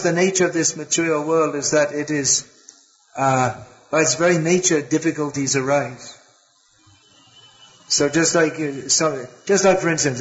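A man giving a spiritual lecture as a teacher, often stopping and restarting his sentences. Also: on the high side. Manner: hesitant, with many restarts and fillers. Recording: dull lo-fi lecture recording.

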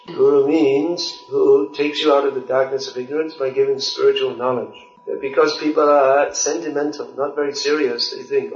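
A man's voice: mid-range voice, fairly even intonation, moderate pace, soft background music. A man giving a devotional lecture, speaking bluntly and emphatically and reciting verses in Sanskrit. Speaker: spiritual lecturer. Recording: distant, roomy, dull lo-fi lecture recording.

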